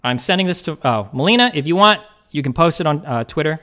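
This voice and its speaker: A man streaming a heated rebuttal, talking fast and emphatically with frequent swearing. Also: on the high side, lively intonation, fairly bright tone.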